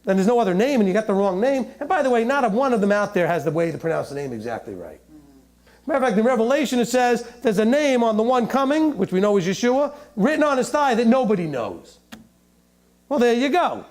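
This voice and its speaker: A Bible teacher with a high, very lively voice moves quickly through a teaching sermon, going verse by verse through scripture. He chats with listeners as if in conversation, keeps asking "right?" and "okay?", and drops in jokes he laughs at himself.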